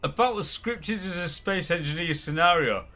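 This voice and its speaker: A man's voice: sits high, moderate pace, bright, forceful tone. A man hosting a live game stream, chatting casually with friends, joking and rambling with frequent laughs. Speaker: streamer host. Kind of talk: casual chat while gaming.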